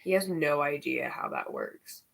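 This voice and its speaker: Slow-talking, low-voiced woman tarot reader. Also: huge pitch swings, creaky. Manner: chatty and candid, swears and uses slang freely; exclaims and gets worked up over the cards. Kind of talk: casual spiritual tarot reading.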